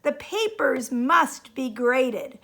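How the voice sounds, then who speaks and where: Curt commanding scissors guy from a kids book, slow and a bit gravelly, woman voicing. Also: high-pitched, lively intonation, pushed and bright, heavily acted. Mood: impatient. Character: gruff male scissors, impatient leader.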